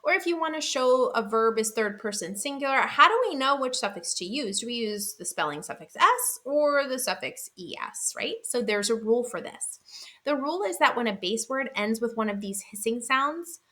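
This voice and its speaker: A woman with a bright, fairly high voice leads a phonics lesson for teachers. She talks clearly and patiently, checks in with a quick "right?", and slowly sounds out each speech sound. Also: expressive. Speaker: literacy teacher trainer. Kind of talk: instructional slideshow lesson.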